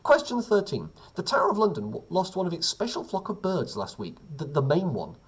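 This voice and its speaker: Husky-voiced man as a casual quiz host at home, lively pitch, wandering off on tangents. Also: brisk. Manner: chatty, self-deprecating, rambling asides. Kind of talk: casual quiz reading with asides.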